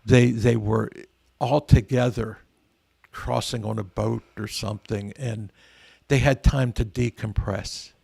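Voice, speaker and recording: A man's voice: fairly low pitch, steady tone, unhurried, creaky, a little mellow, husky, dry recording. An older man, a veteran guest, telling stories in a rambling, earnest way with frequent restarts. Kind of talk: casual storytelling interview.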